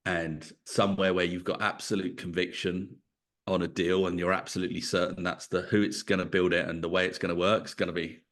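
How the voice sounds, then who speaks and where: Reflective middle-aged man, lowish voice. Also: level tone, fairly quick, fairly bright tone. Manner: reflective, storytelling, thinks aloud with restarts. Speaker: podcast guest, venture investor. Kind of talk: conversational interview answers.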